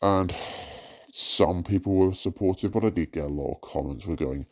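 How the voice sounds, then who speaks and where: A man's voice: deep voice, moderate pace, gravelly, darkish tone. A distressed man recording an anonymous personal rant, hesitant with many fillers and breaking into agitated outbursts. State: distressed and frustrated. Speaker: anonymous poster venting about family life.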